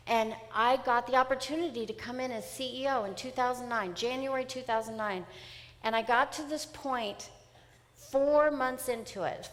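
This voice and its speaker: A middle-aged woman giving an emphatic, animated motivational seminar talk. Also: fairly high pitch. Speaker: seminar speaker. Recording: long hall reverb.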